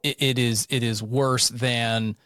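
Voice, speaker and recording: A man in his thirties from central North Carolina, co-hosting a casual podcast chat, rambling and swearing with animated bursts. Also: medium pitch, slow, no room sound, clean studio sound. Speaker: podcast co-host.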